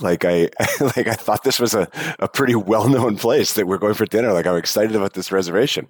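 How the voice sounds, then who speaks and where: A man telling a funny travel story in casual chat, animated and swearing freely. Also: low-pitched, brisk, no room sound, studio quality. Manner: animated, swearing, mimics people in stories.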